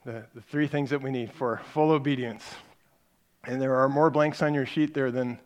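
A man's voice: medium pitch, fairly even intonation. A middle-aged man teaching a parenting class, telling stories in a conversational way and stressing his main points with repetition. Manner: conversational storytelling with emphatic repeated points; acts out parent and child lines in quick snippets.

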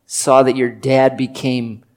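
Middle-aged man, pastor, sermon, earnest personal stories, conversational, light jokes, mid-pitched voice. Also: level tone, slow pace, darkish tone. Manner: joking asides.

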